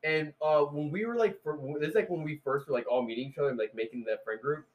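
A man's voice: fairly high pitch, quick pace, narrow, tinny audio. A young man telling loose, slangy stories in a casual chat, laughing often.

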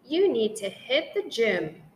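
A woman's voice: fairly high pitch, sing-song, slow pace, slight background noise. A woman voicing a stern, unimpressed male lion teacher in a read-aloud storybook, bossy and dry.

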